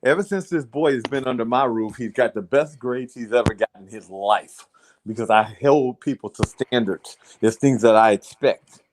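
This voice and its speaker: A man's voice: medium pitch, moderate pace, noisy background. A man casually telling a long story to friends in a blunt, profane way, repeating "I said" as he retells it. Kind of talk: casual chat.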